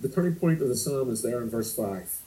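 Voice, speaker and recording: Man giving a sermon, mellow voice, earnest, lots of questions to the crowd. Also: medium pitch, lively intonation, a little fast, rough recording. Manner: earnest, uses rhetorical questions and stories. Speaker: preacher.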